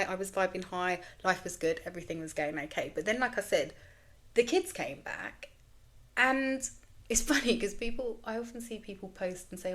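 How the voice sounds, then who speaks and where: A woman's voice: mid-range voice, fairly bright tone. A woman in her thirties hosting a candid solo podcast, rambling frankly and self-deprecatingly, swearing freely. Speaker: podcast host.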